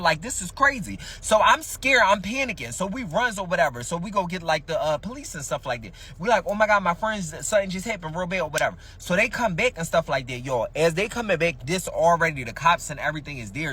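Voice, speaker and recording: Fast-talking husky storyteller man. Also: on the high side, a bit bright, recorded from a distance. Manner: slangy, profane, talks straight to listeners. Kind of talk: casual first-person storytelling.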